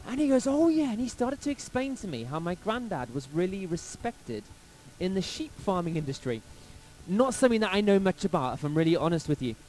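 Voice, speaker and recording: A man from England, a pastor telling a personal story in a sermon, lively and anecdotal, acting out quotes along the way. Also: sits high, brisk, low-quality recording.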